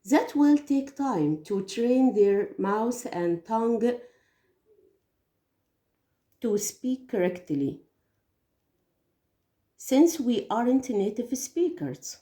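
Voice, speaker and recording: A woman's voice: fairly high pitch, big pitch swings, drawn-out words, pauses often, dark tone. A woman whose first language is Arabic gives English teaching tips, explaining carefully with some hesitations. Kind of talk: teaching tips, spoken lesson. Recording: echoey room.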